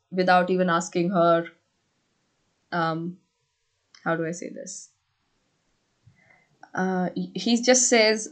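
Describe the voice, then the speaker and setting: A woman hosting a podcast, recapping a book in casual chat, often hesitating, checking in with "okay?" and spelling out explicit words as she reads quotes. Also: mid-range voice. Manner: chatty, hesitant, frequent "okay?" check-ins. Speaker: podcast host.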